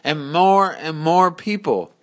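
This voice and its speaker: A man telling an improvised pirate adventure story in an unhurried, explanatory way. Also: a little high, expressive, a bit bright.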